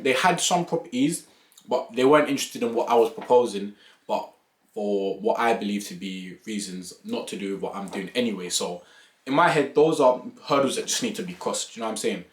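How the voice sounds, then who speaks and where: A man tells a story casually, full of slang, acting out every voice in his conversations. His voice sits on the low side, and it rings in an echoey room. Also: a little fast. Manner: animated, acts out both sides of conversations, slangy. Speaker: vlogger.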